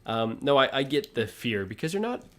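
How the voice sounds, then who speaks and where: A man's voice: mid-range voice, sing-song, brisk. A man hosting a live unboxing stream, chatting casually, laughing often and reading viewer comments aloud. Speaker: host.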